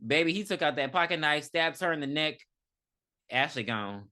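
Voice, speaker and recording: A woman co-host retells a movie plot in loose, profane chat, slipping into quick voices for the characters. Her voice sits a little low but sounds bright and forward. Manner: animated, profane storytelling with acted quotes. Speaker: podcast co-host. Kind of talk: casual movie review chat.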